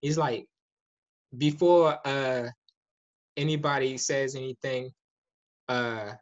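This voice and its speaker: A man's voice: medium pitch, fairly even intonation, slow, dull audio. A man in casual chat, speaking candidly in a rambling, slangy way.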